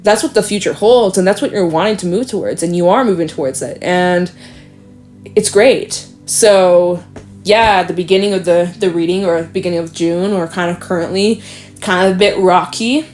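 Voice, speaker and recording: A woman's voice: lowish voice, normal speed, a little mellow, faint music behind. A young woman talking through a tarot reading in a loose, rambling way, full of fillers and casual swearing. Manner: rambling, chatty, swears and laughs often. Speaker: tarot reader.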